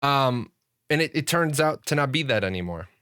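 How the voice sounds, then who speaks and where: A man's voice: medium pitch, lively intonation, normal speed, pushed and bright, smooth, no room sound. A man hosting a gaming show in casual livestream chat, telling stories in a rambling way with many fillers and restarts.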